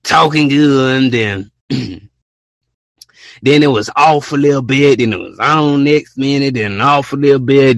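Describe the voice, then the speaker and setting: A man's voice: medium pitch, bright, forceful tone, dry recording. A young man hosting a casual solo podcast, rambling and repeating himself as he acts out text conversations. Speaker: podcast host.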